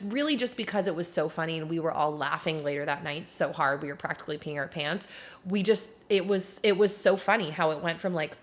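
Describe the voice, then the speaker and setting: Chatty young woman vlogger. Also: on the low side. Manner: chatty, animated, many "like" fillers, squeals on quoted lines. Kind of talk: casual storytelling to camera.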